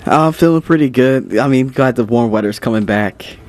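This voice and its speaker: Chill show engineer, mid pitch, short easygoing replies. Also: brisk. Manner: relaxed, brief replies. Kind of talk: casual chat.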